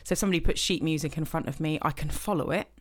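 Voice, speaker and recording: A middle-aged woman, chatting casually as a podcast co-host, self-deprecating and quick to laugh. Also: sits low. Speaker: podcast co-host, choir leader. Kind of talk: casual chat.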